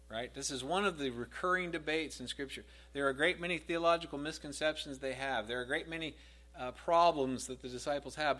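A man's voice: mid-range voice, a bit bright. A man preaching a sermon in a conversational way, asking his listeners questions and dropping his voice when he quotes scripture.

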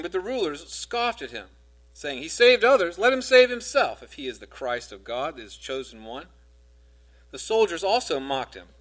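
Preacher, male, earnest emphatic scripture reading, slightly high voice with lively inflection. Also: poor audio.

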